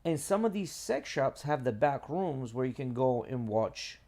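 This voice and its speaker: A man's voice: medium pitch, sing-song, measured pace, warm tone. A man co-hosting a casual podcast chat, rambling and filling his sentences with "like" and "you know.". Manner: rambling, leans heavily on filler "like" and "you know". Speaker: podcast co-host.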